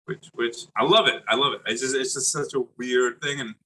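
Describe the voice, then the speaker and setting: Man, late 40s, from Brooklyn, chef being interviewed, bright forward tone, animated, laughing, acts out voices. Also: mid-range voice, fairly quick, a little hiss or hum, rough recording. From Brooklyn, New York. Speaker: chef, podcast guest. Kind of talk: casual interview storytelling.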